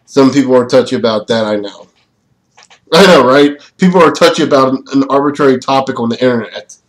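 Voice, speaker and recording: A man's voice: medium pitch, fairly quick, poor audio. A man giving casual gaming commentary in a chatty, rambling way, often laughing at himself. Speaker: let's play gamer.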